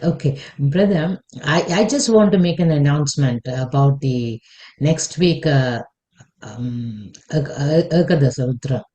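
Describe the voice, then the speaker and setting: A woman's voice: sits low, a little slow, dark tone, muffled recording. A woman in a study group on a video call, politely and hesitantly offering to make an announcement.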